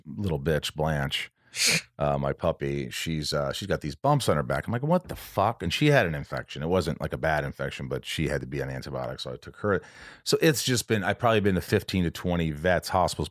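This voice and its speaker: A man with a very low, deep voice hosts a podcast, recorded close and dry. He talks casually and earnestly, rambling through a personal story with an emotional edge and frequent restarts. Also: no echo. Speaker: podcast host.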